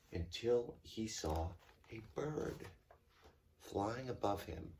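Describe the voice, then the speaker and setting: A man, a tour guide, telling a story to his children at home in a playful, animated way. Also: sits low, vocal fry, noisy background. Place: home during lockdown.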